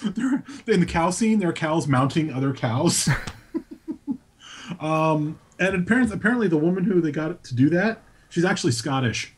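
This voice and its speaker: A man's voice: a little high, expressive, moderate pace, slight background noise. A man co-hosting a podcast, cracking jokes and laughing often in casual chat. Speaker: podcast co-host.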